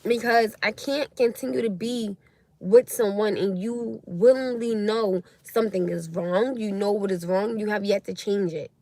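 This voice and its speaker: A woman's voice: medium pitch, unhurried, dark tone, no room sound. A young woman hosting a casual livestream and talking bluntly about relationships while she reacts to viewer comments. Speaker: livestream host. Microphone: phone or webcam livestream.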